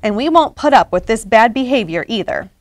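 A woman voicing a calm, principled schoolboy who speaks clearly and firmly, while reading a storybook aloud. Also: fairly high pitch, brisk, no echo, lightly acted. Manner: clear and firm.

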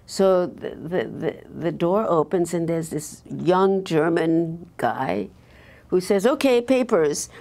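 An older woman from Belgium recalling her past in an oral history interview, halting with frequent restarts. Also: on the low side, vocal fry, darkish tone.

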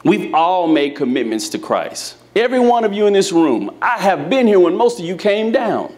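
A man's voice: high voice, very animated, normal speed, a little mellow. A man preaching a sermon to a live congregation in church, speaking to them directly and telling folksy, humorous stories. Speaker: pastor.

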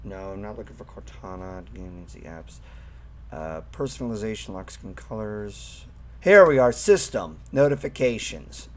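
A young man streaming a game, chatting casually, swearing often and squealing with excitement at thrilling moments. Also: lowish voice, moderate pace. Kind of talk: casual gameplay commentary.

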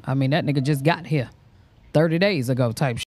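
A woman's voice: a bass voice, brisk, darkish tone, no echo. A woman hosting a reaction stream, giving candid, slangy, outspoken commentary in a casual way. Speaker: reaction channel host.

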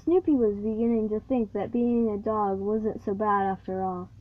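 A female reader reading a picture book aloud, halting and stumbling over words as she goes. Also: medium pitch, steady tone. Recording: tinny phone-like recording.

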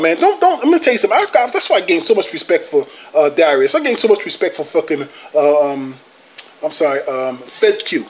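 A man with a high-pitched voice rants at rival fans in a vlog. He is profane and taunting, loops back over the same points, and keeps tagging his lines with "bro" and "okay". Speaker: sports vlogger, Cowboys fan. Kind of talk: heated fan rant to camera.

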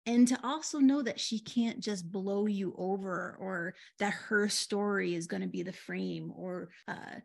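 A woman co-coaching on relationships, giving thoughtful, measured explanations. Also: medium pitch, creaky. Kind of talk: reflective coaching talk.

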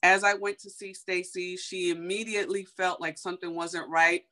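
A young woman from Chicago telling a personal story in a casual, animated way, full of fillers and acted-out quotes. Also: fairly low pitch, normal speed. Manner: animated, heavy on fillers, acts out quoted dialogue.

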